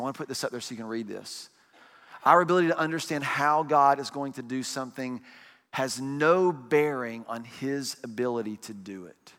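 A man in his forties preaching a sermon, telling stories with lively energy and asking the congregation rhetorical questions. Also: mid-range voice, big-room sound. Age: 40s. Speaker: pastor.

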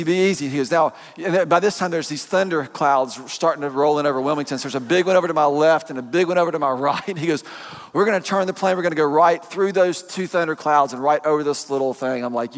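A man preaching a sermon, telling a personal story in an animated, joking way to his congregation. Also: a little high, fast. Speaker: pastor. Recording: long hall reverb.

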